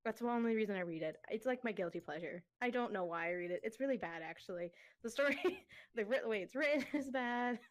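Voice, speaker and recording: A woman's voice: a little high, expressive, fairly quick. A young woman in casual chat as a co-host, chatty and giggly, full of fillers.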